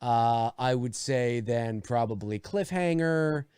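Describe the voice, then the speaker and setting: A man's voice: medium pitch, takes it slowly, darkish tone, clear, resonant tone, no room sound, studio quality. A man co-hosting a casual podcast chat, rambling and swearing freely. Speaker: podcast co-host.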